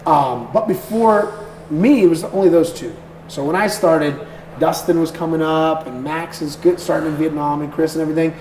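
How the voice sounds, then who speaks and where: An American man with a raspy voice, chatting casually as a podcast guest and telling relaxed stories. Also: fairly high pitch, moderate pace. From United States. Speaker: guest content creator. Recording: echoey room with faint noise.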